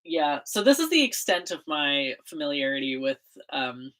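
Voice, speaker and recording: A young American woman hosts a livestream, chatting casually in a bubbly, giggly way full of fillers and laughter. Her voice is deep yet fairly bright, with big pitch swings at a moderate pace.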